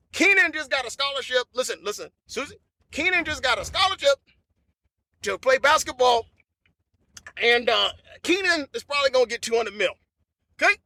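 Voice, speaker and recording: A man with a very high-pitched voice hosts a comedy podcast in a loose, animated monologue, repeating phrases and breaking into laughter. There's no echo.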